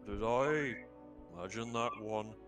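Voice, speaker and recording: Man doing a low, weary, deadpan adventurer. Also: measured pace, soft background music.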